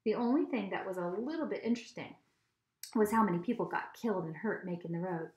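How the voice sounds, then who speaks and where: A woman reads a children's novel aloud in a mid-range voice, telling the story steadily and expressively. She is at home, and the room gives her voice a clear echo. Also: mid-range voice, fast talker, darkish tone, dull audio. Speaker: reader. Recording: echoey room.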